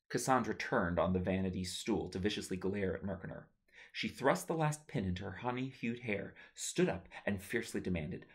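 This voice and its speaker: A man reading his own novel aloud as a steady, measured audiobook narration. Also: low voice, creaky.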